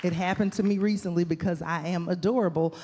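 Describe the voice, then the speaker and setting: Speaking quickly in a fairly low voice, a woman does stand-up comedy in a club, animatedly narrating stories and acting out the quotes of the people in them. Crowd noise, background noise and audience laughter can be heard.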